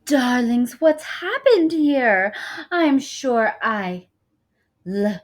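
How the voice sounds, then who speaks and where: A woman doing a glamorous, self-important female soap star from a storybook, gushing in a put-on English accent. The voice climbs far above the reader's own and rings out loud and showy. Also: a little high, animated, extremely slow, pitched above the performer's own voice. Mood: gushing grand.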